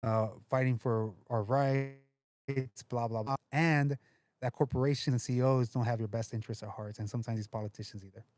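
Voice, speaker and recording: A man's voice: medium pitch, steady tone, a little fast, a little mellow. A man who organizes for a union, talking earnestly as a podcast guest.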